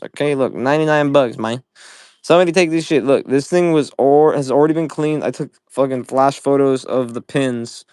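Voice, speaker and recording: A young man hosting a casual live-selling stream, profane and excitable as he pitches items while playing a game. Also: clean tone, no echo, clean studio sound. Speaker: livestream seller.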